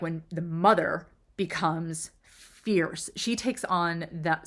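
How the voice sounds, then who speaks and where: A woman with a somewhat low voice walks through a story in a loose, chatty way. She gets emotional, and her pitch leaps up when excitement takes over. Now and then she drops into a near-whisper for an aside. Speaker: video host analyzing film characters. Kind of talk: casual analytical monologue.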